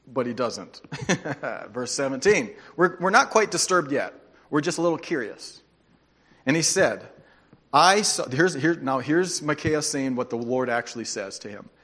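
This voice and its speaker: Animated man preaching a sermon. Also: a little high. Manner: animated, reads scripture aloud with playful asides and sarcasm. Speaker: pastor.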